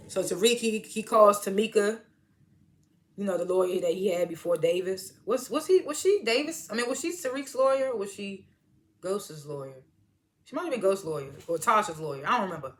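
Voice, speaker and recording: A woman casually recapping a TV episode in animated, slangy storytelling, laughing often as she talks. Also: medium pitch, brisk. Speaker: TV show reviewer.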